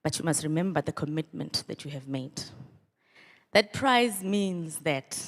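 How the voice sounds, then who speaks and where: A woman's voice: deep voice, a bit bright, in a large hall. Middle-aged lady giving a pep talk to students, leads chants, upbeat. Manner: call-and-response chants, rousing and upbeat. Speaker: social development official addressing students. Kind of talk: motivational speech to a youth crowd.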